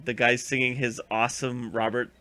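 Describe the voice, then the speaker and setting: Crowd noise surrounds a young male podcast co-host who speaks at medium pitch and normal speed with a flat delivery. In this casual recap chat he rambles, fills gaps with fillers, and acts out scenes using funny voices.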